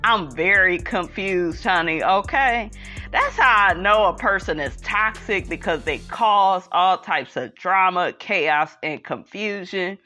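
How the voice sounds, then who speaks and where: A woman's voice: lowish voice, takes it slowly, bright, forceful tone, faint music behind. A woman in a casual gossip chat who reads out viewer comments and keeps calling her listeners honey and child.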